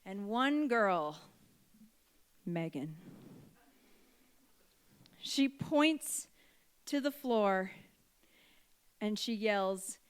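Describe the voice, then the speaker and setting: A woman's voice: mid-range voice, animated, extremely slow, pauses often, clean tone. A woman in her thirties from Vermont, telling a stand-up story with many fillers and small laughs. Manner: chatty, self-deprecating, many fillers and laughs. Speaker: stand-up comedian. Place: comedy stage before a live audience.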